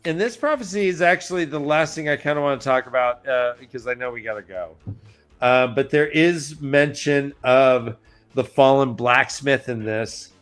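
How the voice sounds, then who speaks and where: A man's voice: medium pitch, moderate pace, a bit bright, soft background music. A man co-hosting a casual book podcast, retelling scenes with jokes and acted-out quotes. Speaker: podcast co-host. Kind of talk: casual book-recap chat.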